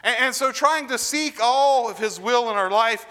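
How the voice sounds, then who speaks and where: Male pastor, middle-aged, high pitch, sermon delivery with slow emphatic readings. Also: bright, forceful tone. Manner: earnest preaching with slow emphatic scripture reading.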